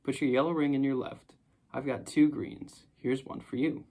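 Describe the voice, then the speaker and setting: A man voicing a drowsy, curious young boy in an audiobook, with a relaxed, easygoing delivery. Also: mid-range voice, normal speed, close to an everyday voice. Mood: eager. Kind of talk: audiobook character reading.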